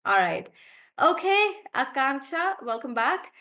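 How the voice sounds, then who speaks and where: A woman teaching pronunciation over a video call, with a voice that sits a little high for a woman. She speaks warmly to her students and praises their answers. When she models a word, she slows down and pulls each syllable apart. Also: very animated. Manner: encouraging, draws out syllables slowly when modeling words. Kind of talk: live online class.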